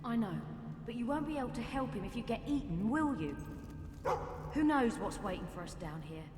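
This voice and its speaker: Protective game companion, a woman voices her, reassuring, lively pitch, roomy sound with loud music. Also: moderate pace, close to an everyday voice. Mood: calm. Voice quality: reassuring, level-headed.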